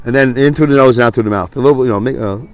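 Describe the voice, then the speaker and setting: A man's voice: medium pitch, very fast. Self-deprecating stuffy-nosed man. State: congested, stuffy nose. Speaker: podcast host. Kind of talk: casual solo podcast monologue.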